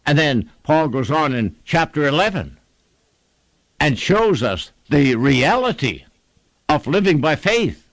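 A man's voice: fairly high pitch, sing-song, slow, a bit bright, dry recording. A man preaching a sermon with emphatic, rhythmic repetition and an old-fashioned preaching cadence.

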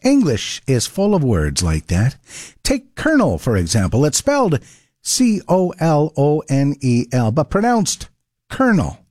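A man's voice: on the high side, wildly swooping pitch, unhurried, a little mellow, no room sound, studio quality. A man with a Canadian accent delivering a wry, playful scripted radio segment. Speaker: radio host.

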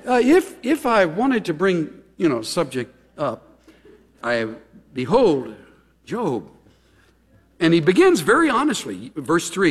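A middle-aged man preaching a chatty, conversational sermon with animated, folksy asides. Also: sits high, slow pace, pauses often, breathy edge. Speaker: pastor. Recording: long hall reverb.

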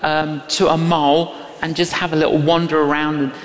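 A man's voice: a little high, moderate pace. An older man preaching a sermon, telling stories and acting out the voices of people in them with emphasis. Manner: animated, emphatic, acts out quoted voices. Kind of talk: sermon with storytelling. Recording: long reverb of a large hall.

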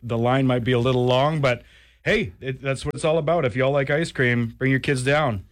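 A man as a guest on a radio show, adding short, jokey remarks. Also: medium pitch. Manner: quick, jokey interjections. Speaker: guest, real estate agent. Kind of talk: casual radio interview.

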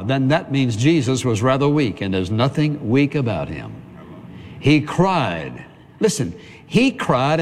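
A man's voice: medium pitch, sing-song, slow, a little mellow. A man preaching a sermon as pastor, earnest and conversational, piling up repeated phrases. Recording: long reverb of a big hall.

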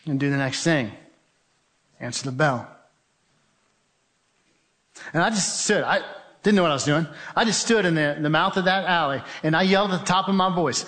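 A man with a fairly high voice tells a dramatic testimony. He acts out shouts and quoted voices as he goes. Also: normal speed, long pauses. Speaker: speaker sharing a testimony. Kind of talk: spoken testimony to an audience.

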